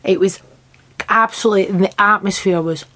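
A woman with a Glasgow accent, a band singer guest, telling a lively anecdote in casual chat, swearing freely and laughing as she talks. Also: medium pitch, brisk. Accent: Scottish (Glasgow). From Glasgow, Scotland.

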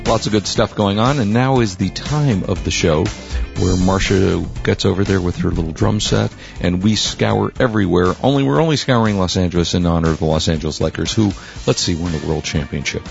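A man co-hosting a casual radio tech show, pitching products in a relaxed, rambling way, his voice worn out from cheering. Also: a little fast, creaky, muffled recording, faint music behind.

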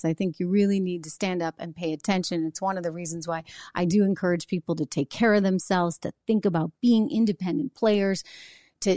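A woman's voice: fairly low pitch, mellow, dry recording, studio quality. A middle-aged woman hosting an opinion show, delivering a sarcastic, indignant monologue full of rhetorical questions. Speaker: show host.

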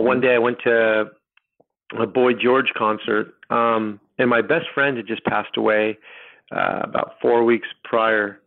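A middle-aged man telling his personal story as a podcast guest, rambling and halting with many restarts. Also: mid-range voice, gravelly. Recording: tinny phone line.

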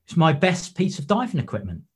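A man's voice: fairly high pitch, brisk, breathy edge. A man, a wreck diver and photographer, telling stories in a podcast interview. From England. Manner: animated anecdotes with acted-out quotes.

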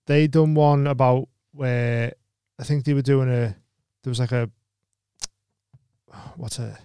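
A man's voice: medium pitch, fairly even intonation, slow, mellow, smooth, no room sound. A man co-hosting a podcast, rambling through stories with lots of likes and restarts. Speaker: podcast co-host. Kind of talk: casual chat.

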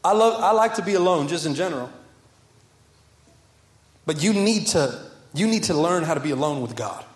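A young man, a pastor, preaching a passionate sermon to a congregation, repeating phrases and moving between fervent rises and soft, quiet passages. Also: a little high, lively intonation, moderate pace, echoey room. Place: church sanctuary with congregation.

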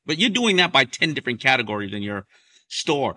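Lively, bright-voiced male podcast host. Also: mid-range voice, no echo. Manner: animated, explains with quick examples. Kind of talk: casual business conversation.

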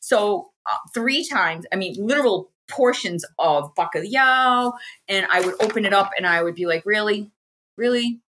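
A woman's voice: medium pitch, expressive, normal speed, fairly bright tone, slight background noise. An American woman, an interview guest, chatting frankly and casually about a personal experience and acting out what people said to her. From United States.

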